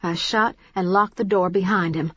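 A woman reads a first-person audiobook with a steady, wry storytelling manner. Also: on the low side, normal speed, breathy edge, no room sound, lo-fi sound. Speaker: audiobook narrator.

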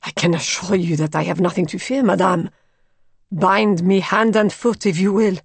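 A woman's voice: fairly low pitch, steady tone, normal speed, creaky, husky, no room sound. A woman voicing a proud man who speaks scornfully and ironically.

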